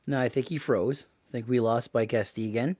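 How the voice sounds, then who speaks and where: A man's voice: mid-range voice, fairly even intonation, a little fast, a little mellow, no echo. Laid-back podcast host guy, mid voice, dry close sound. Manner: easygoing, moves things along. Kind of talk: hosting a live stream.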